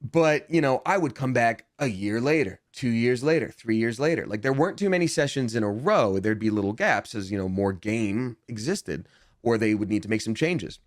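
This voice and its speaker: Animated young male storyteller, dry sound. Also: moderate pace, dry recording. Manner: animated storyteller, acts out quotes, jumps in pitch. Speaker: guest, voice actor. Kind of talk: casual interview chat.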